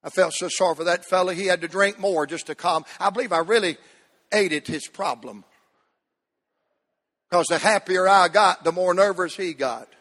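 Preacher man, high bright voice, swings loud to hushed, long church reverb. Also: moderate pace. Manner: Southern preaching cadence, swinging from shouts to hushed tones. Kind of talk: sermon. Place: church sanctuary.

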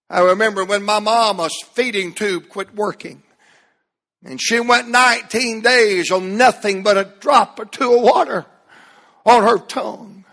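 A middle-aged man preaching a sermon with passion, drawing out key phrases and rising to a shout at points. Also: sits high. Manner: impassioned, emphatic preaching with slowed, drawn-out phrases and occasional shouts.

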